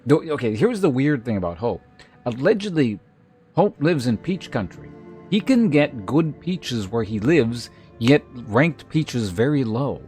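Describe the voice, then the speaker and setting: A man's voice: mid-range voice, sing-song, unhurried, darkish tone, soft background music. A man streaming, chatting casually with his viewers in a rambling way, with many restarts and filler words. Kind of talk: casual chat with live viewers.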